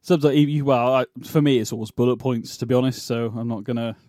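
A man's voice: medium pitch, fairly even intonation, quick pace, warm tone, no echo, clean studio sound. A British man co-hosting a casual podcast, laughing often and hedging with many ums. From United Kingdom. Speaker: podcast co-host. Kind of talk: casual chat.

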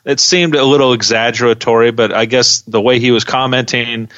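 A man's voice: medium pitch, fairly even intonation, fairly quick, fairly bright tone, dry recording, dull audio. A man co-hosting a podcast, chatting casually and talking through his take on a reality show. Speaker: podcast co-host. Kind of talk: casual recap chat.

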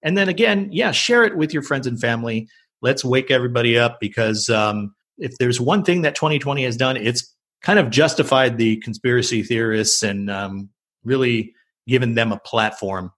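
A man's voice: mid-range voice, moderate pace, fairly bright tone. A man hosting a podcast, talking casually with wry jokes and reading out sources. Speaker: podcast host.

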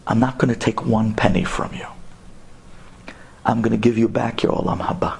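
A man voicing a calm, stubborn young male Torah scholar who speaks firmly and in a measured, lecturing way. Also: on the low side, gravelly, breathy edge, full character voice, poor audio. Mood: firm earnest.

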